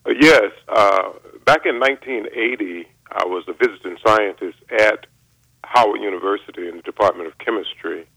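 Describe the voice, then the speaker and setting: A man in his seventies from North Carolina, a chemist giving a measured, formal radio interview with frequent pauses. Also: lowish voice, vocal fry, a bit bright, breathy edge, no room sound, poor audio. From North Carolina, USA. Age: 70s. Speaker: guest chemist. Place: radio studio.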